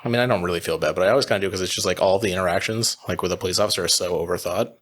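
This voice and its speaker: A man from Canada, a butcher and business co-owner, telling animated anecdotes as a podcast guest, acting out the people in his stories. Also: low-pitched, racing. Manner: animated anecdotes with quoted voices and laughter. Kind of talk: casual podcast storytelling.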